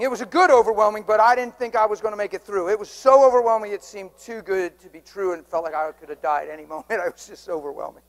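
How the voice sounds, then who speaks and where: A middle-aged man preaching a sermon to a congregation, swinging from hushed whispers to loud, urgent emphasis. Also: high voice, poor audio. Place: church sanctuary before a congregation.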